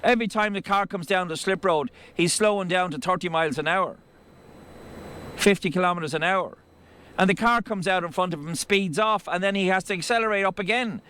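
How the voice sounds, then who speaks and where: Blunt, swearing Irish truck driver. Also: male voice, high voice, brisk, bright, forceful tone, clean tone. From Ireland. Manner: blunt, swears freely, rambling. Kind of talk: driving vlog commentary. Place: truck cab on a motorway. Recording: road noise in the cab.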